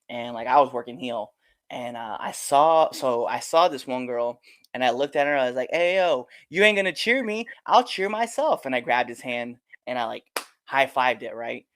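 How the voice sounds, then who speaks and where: A man on a wrestling podcast spinning an animated story from one of his shows. His mid-pitched voice runs quick and casual, dotted with likes and rights, and he gets loud whenever he replays a line. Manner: animated, loud when acting out quotes.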